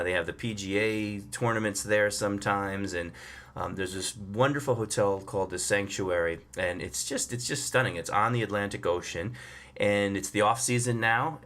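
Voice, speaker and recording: Male comedian, lowish voice, relaxed storyteller with many ums. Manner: chatty, unhurried, with frequent fillers and laughs. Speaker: stand-up comedian. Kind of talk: storytelling monologue.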